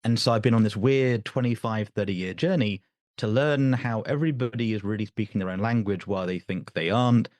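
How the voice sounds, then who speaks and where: A man's voice: on the low side, brisk, darkish tone, dry recording. A middle-aged British man from northern England, a guest chatting playfully and mocking himself in an interview. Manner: chatty, self-mocking, playful asides with put-on voices. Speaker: guest, author. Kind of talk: casual interview chat.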